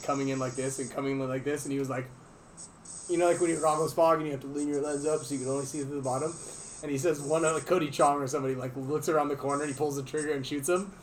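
A man hosting a sports podcast, telling a lively story and acting out his teammates' lines. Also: a little high, slight background noise. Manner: animated, acts out teammates' lines. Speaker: podcast host and player. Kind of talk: casual storytelling.

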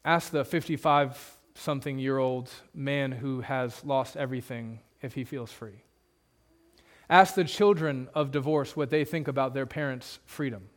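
A man preaching a sermon in a church, earnest and emphatic, often dropping to a low hush for emphasis. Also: measured pace. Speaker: pastor.

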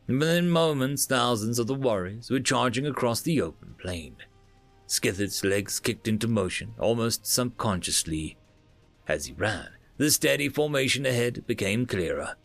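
A man narrating a fantasy story in an expressive, dramatic reading style. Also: medium pitch.

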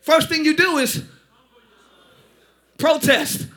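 A man preaching a lively sermon as pastor, often shouting and joking with the congregation. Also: very high-pitched, slow. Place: church sanctuary.

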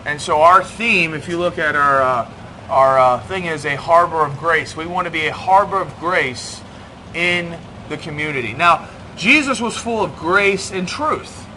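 A man's voice: a little high, measured pace, sharp tone, a little hiss or hum. A middle-aged man preaching in a church, joking and self-deprecating as he talks to the congregation. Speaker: pastor. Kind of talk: sermon. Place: church hall.

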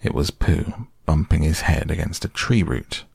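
A man reading a children's storybook aloud in a gentle, measured way. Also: rumbling low, creaky, breathy edge, no room sound, studio quality. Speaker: narrator.

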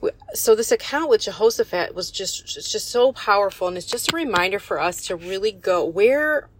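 A woman's voice: mid-range voice, animated, normal speed, background noise. Earnest woman teaching scripture. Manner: earnest and encouraging, quotes scripture with emphasis. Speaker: Bible teacher and business coach. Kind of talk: devotional Bible teaching.

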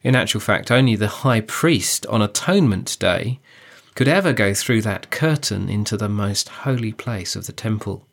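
A man discussing how to preach a passage, speaking in an earnest, measured way with emphasis on key phrases. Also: on the low side, lively intonation, creaky. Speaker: preacher giving a preaching guide. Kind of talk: teaching dialogue on sermon preparation.

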